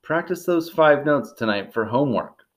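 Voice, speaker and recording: A man voices a music teacher briskly dismissing the class. His mid-range delivery is animated and moderately paced, pitched a bit above his own voice yet close to an everyday tone.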